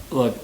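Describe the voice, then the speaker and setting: A man playing a struggling working-class henchman and father, talking in halting, stammering bursts in a mock documentary interview. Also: noisy background. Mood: indignant. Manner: halting, stammering, full of restarts.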